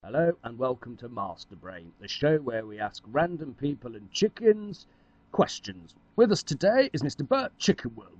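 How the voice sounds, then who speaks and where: A voice actor doing a deep, formal quiz show host. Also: sing-song, normal speed, a little mellow, slightly rough, lo-fi sound. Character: stiff male quiz show presenter. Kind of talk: amateur cartoon voice acting.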